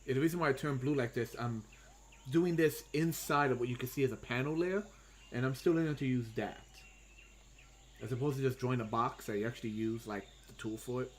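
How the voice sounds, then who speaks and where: A man and comic artist giving casual livestream commentary, thinking aloud as he draws with frequent pauses and self-talk. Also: medium pitch, a little hiss or hum. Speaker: comic artist streaming his drawing.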